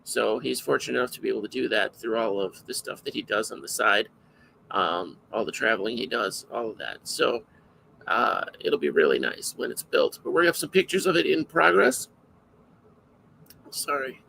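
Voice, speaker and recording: A man's voice: mid-range voice, gravelly, pushed and bright, slight background noise, rough recording. A man hosting a live podcast alone, chatting casually in a rambling, self-interrupting way. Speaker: podcast host.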